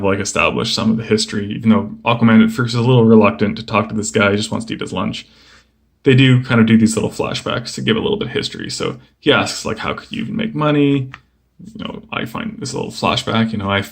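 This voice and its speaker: A young man casually flipping through a comic book and chatting about each page, relaxed and rambling with lots of fillers. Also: on the low side, vocal fry. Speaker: comic book video host.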